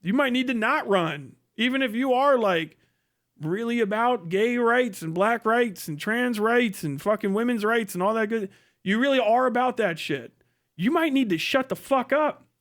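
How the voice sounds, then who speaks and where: Male streamer, high voice, swearing, ranting hard. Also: a bit bright. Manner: profane, heated, ranting. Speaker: livestream host. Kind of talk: livestream rant.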